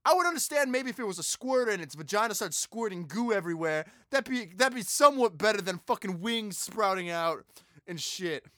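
High-voiced young man ranting a movie recap. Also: lively intonation, fairly quick, pushed and bright, dry recording, clean studio sound. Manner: rambling, profane, acts out characters mid-story. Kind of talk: casual crude movie recap.

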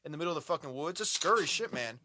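A young man co-hosting a casual podcast, telling a horror movie plot in a profane, animated way and acting out yelling at the screen. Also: fairly high pitch, racing, slight background noise. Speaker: podcast co-host. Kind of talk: casual movie review chat.

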